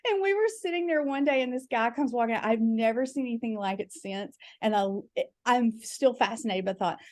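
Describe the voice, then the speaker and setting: A woman's voice: fairly high pitch, brisk, a little mellow, no echo, studio quality. A woman telling frank, chatty comic stories as a podcast guest, with filler words and quoted voices. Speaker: guest comedian. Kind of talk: candid comic storytelling.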